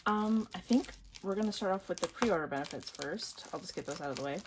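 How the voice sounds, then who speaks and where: A woman chatting casually to camera while unboxing, excitable and prone to gasps and squeals, then dropping into quiet mumbles. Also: fairly low pitch, fast talker, noisy background. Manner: drops to quiet mumbles between outbursts. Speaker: vlogger unboxing albums.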